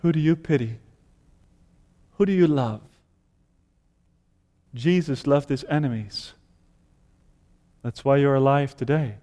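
A man's voice: mid-range voice, slow pace, long pauses. Impassioned male preacher in a reverberant hall. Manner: impassioned, rising to loud emphatic appeals. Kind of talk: sermon.

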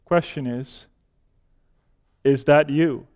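A man preaching a sermon, speaking deliberately and building to fervent emphasis. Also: a little high, darkish tone, clean tone. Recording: long hall reverb.

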